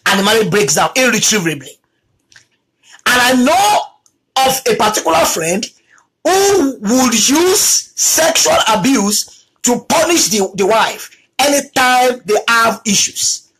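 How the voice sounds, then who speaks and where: A preacher giving a talk on abuse in marriage, repeating key lines for emphasis and acting out quoted spouses in a lower voice. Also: big pitch swings, slow, fairly bright tone, slight background noise, low-quality recording. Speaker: teacher on marriage.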